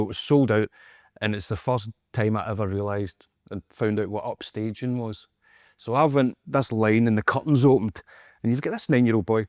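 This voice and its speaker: A man with a Scottish accent, a guest performer telling animated, self-mocking stories with laughter in a casual chat. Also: lowish voice, dry recording, clean studio sound. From Scotland.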